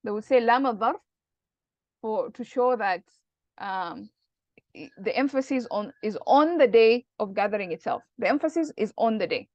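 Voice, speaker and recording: A woman's voice: a little high, expressive, normal speed, a little mellow, dry recording, dull audio. A woman teaching Arabic grammar in an online lesson, explaining patiently step by step and asking rhetorical questions.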